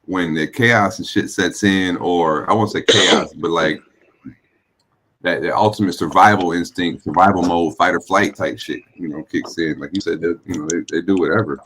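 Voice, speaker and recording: A man's voice: deep voice, moderate pace, fairly bright tone. A man co-hosting a casual livestream, laid-back and slangy, chiming in with agreement. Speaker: co-host.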